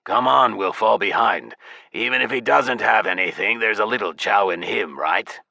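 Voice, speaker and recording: A gruff devil with a gravelly, low voice, grumbling and dismissive of his companion's schemes, as a male narrator puts him on. Bright edge on a dry, close recording, a storybook fantasy figure. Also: moderate pace, dry recording, exaggerated voice. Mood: offhand. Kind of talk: audiobook character voice.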